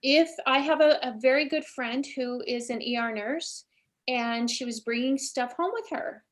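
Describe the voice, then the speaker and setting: A woman's voice: high-pitched, moderate pace. A woman hosting a spiritual talk show, effusive and coaching in tone. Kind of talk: casual chat.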